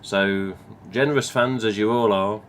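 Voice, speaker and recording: A man's voice: fairly low pitch, steady tone, measured pace, a bit bright, a little hiss or hum. A man with an English Midlands accent hosting a live stream, chatting casually and reading viewer comments, rambling and swearing now and then. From England.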